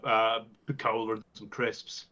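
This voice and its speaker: A man narrating as game master, talking in halting bursts with many fillers. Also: lowish voice, little pitch movement, bright, forceful tone. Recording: dull lo-fi mic.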